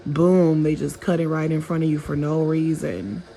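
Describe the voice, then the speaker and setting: A woman's voice: deep voice, little pitch movement, normal speed, warm tone, a little hiss or hum, poor audio. A woman vlogger giving casual, emphatic advice straight to the viewer, often repeating herself for stress. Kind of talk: casual monologue advice talk.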